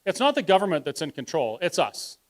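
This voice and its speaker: A man speaking on a live panel, arguing forcefully and sometimes trailing off while searching for words. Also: on the high side, sing-song, a little fast. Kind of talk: live public panel talk. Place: live event hall.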